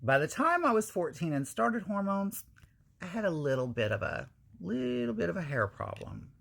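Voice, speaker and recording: A woman hosting her own channel, telling a candid personal story to viewers in casual, animated talk with frequent swearing. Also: on the low side, moderate pace, vocal fry. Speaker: channel host.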